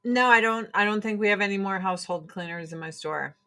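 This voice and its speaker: Bright-voiced woman ranting on a livestream. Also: mid-range voice, fast talker. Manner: profane, animated, mocking voices in quotes. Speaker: livestream host selling products. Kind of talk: casual livestream rant.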